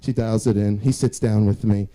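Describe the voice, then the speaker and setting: Young male stand-up, dark mellow tone, self-mocking storyteller. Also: fairly low pitch, fairly even intonation, moderate pace, poor audio. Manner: self-deprecating, rambling storytelling. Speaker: stand-up comedian. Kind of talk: stand-up set.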